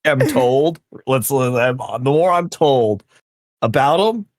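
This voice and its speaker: A man co-hosting a casual reaction chat, talking in an animated, ranting way and swearing when worked up. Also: medium pitch, slow pace, dry recording. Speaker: co-host of a reaction show.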